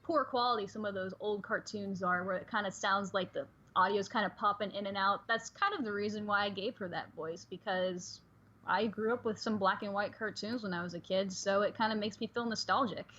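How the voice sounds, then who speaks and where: A woman's voice: mid-range voice, fairly even intonation, brisk, pushed and bright. Woman, chatty, laughs easily, muffled lo-fi audio, casual stream chat. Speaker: co-host and voice actor.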